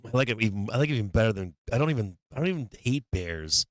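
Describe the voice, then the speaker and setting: A man's voice: fairly low pitch, lively intonation, fast talker, no room sound, studio quality. Profane, taunting man streaming live. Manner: sing-song carnival barker bits. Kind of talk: casual live stream commentary.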